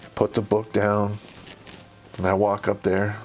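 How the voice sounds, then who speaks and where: A man's voice: on the low side, monotone, unhurried. Foulmouthed man spinning barracks stories. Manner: profane, blunt, rambling with many restarts. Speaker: podcast host telling army stories. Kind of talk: casual storytelling monologue.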